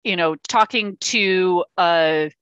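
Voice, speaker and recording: A woman's voice: lowish voice, slow, fairly bright tone, clear, resonant tone, no echo, highs cut off. A woman giving an informal talk, explaining techniques and acting out sample lines in other voices, with fillers and restarts. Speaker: speaker giving a talk on verbal self-defense. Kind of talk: informal lecture with examples. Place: meeting hall.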